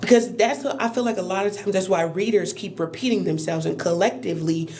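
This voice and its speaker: A woman's voice: medium pitch, a little fast, a little mellow. A woman who gives spiritual readings, teaching on a phone live stream in an earnest way, often checking in with "right?" and restarting her words. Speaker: spiritual reader and Reiki healer.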